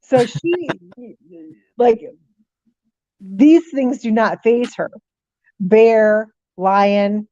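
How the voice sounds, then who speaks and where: A middle-aged woman, a guest on an interview show, telling lively stories, voicing animals' thoughts and dropping frequent ums. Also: a little high, extremely slow, long pauses, dry recording, lo-fi sound. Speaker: guest, paranormal author. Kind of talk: casual storytelling interview.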